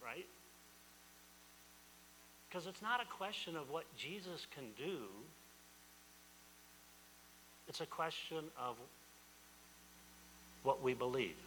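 A man's voice: a little high, expressive, slow, pauses often, fairly bright tone, big-room sound, slight background noise, poor audio. A man preaching a sermon as pastor, emphatic and repetitive, often restarting his phrases.

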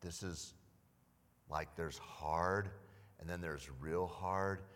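Lively pastor in an echoing hall. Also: male voice, sits low, slow pace. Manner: animated storytelling, acting out voices. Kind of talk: sermon. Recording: long hall reverb.

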